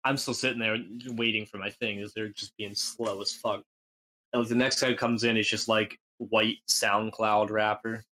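A man's voice: fairly low pitch, flat delivery, moderate pace, pushed and bright. Rambling man telling a comic anecdote. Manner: rambling, filler-heavy, puts on voices in anecdotes. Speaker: podcast co-host. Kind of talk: casual comedic storytelling.

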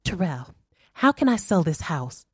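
A woman reading the part of a frightened, defiant woman caught in a séance, her voice tense and pitched up in pleading. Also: very animated, unhurried, breathy edge, no echo, clean studio sound, exaggerated voice.

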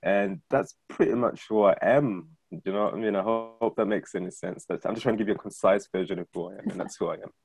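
A man's voice: lowish voice, fast talker, creaky, few pauses. A man in his thirties telling his personal faith story in a conversational interview, often asking "do you know what I mean?". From Zimbabwe. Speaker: guest, freelance director.

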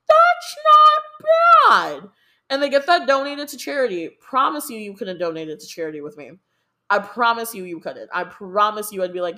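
A young woman from the United States hosting a podcast, chatting casually in a rambling, excitable way with lots of fillers and swearing. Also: medium pitch. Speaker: podcast host. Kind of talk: casual chat.

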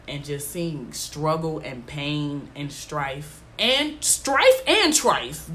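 A woman's voice: low voice, a bit bright, a little hiss or hum. A young adult woman hosting a casual podcast, congested from allergies, talking in an emphatic, exasperated way full of slang fillers. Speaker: podcast host. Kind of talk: casual solo podcast chat.

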